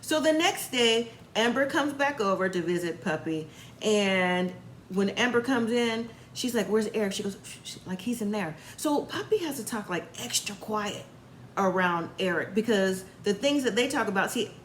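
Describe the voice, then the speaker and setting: A woman's voice: medium pitch, expressive, moderate pace, reverberant, slight background noise. A woman casually retelling a reality show episode, chatty and opinionated, acting out what the people said. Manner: chatty storytelling, acting out quotes. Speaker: reality show recap host. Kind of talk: casual recap commentary.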